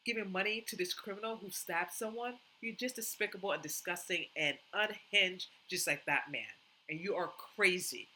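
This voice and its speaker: A woman's voice: mid-range voice, pushed and bright, slight background noise, low-quality recording. A woman giving opinionated reaction commentary, indignant and emphatic, repeating herself. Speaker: commentary vlogger.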